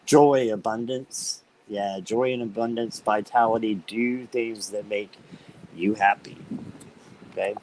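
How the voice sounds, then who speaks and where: A man hosting a live stream, chatting casually with viewers by name and reading tarot cards, upbeat and quick to laugh. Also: on the low side, fairly even intonation, a little mellow, a little hiss or hum, rough recording. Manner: chatty and upbeat, laughs often while talking; talks directly to viewers by name.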